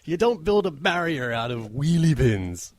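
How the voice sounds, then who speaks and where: A man's voice: fairly high pitch, sing-song, normal speed. A man co-hosting a casual comedy podcast, reading odd news aloud and laughing often. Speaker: podcast co-host.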